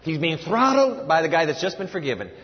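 A man preaching a sermon from scripture, emphatic and animated, telling his listeners to write things down. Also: fairly high pitch, fairly quick. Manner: animated and emphatic, tells listeners to take notes. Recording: reverberant hall, dull lo-fi sound.

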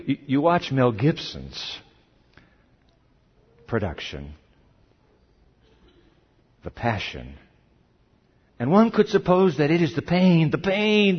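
A man preaching a sermon, swinging dramatically between loud cries and hushed questions. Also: sits high. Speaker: pastor. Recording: long hall reverb, dull lo-fi sound.

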